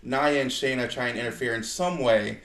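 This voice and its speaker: A man's voice: mid-range voice, moderate pace, a bit bright, echoey room. A man co-hosting a wrestling podcast, chatting casually and enthusiastically. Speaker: podcast co-host. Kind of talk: casual chat.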